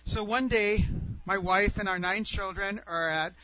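Middle-aged man, high voice, animated storytelling, excitable, restarts and repeats, dry close sound. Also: a little slow, no room sound, low-quality recording. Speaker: speaker telling a personal faith story.

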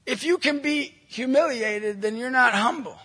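A middle-aged man, a Catholic evangelist, preaching energetically to a live audience, telling jokey stories and bursting into loud emphasis. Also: very high-pitched, moderate pace, breathy edge. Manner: punchy, jokey storyteller, bursts into shouting emphasis. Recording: long hall reverb from a large venue.

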